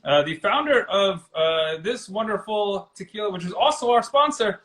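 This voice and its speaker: A man's voice: sits high, animated, normal speed, a bit bright, roomy sound. A man co-hosting a podcast, joking around and reading sponsor promos with lots of fillers. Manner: jokey, reads promos with fillers. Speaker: podcast co-host. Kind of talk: casual podcast chat.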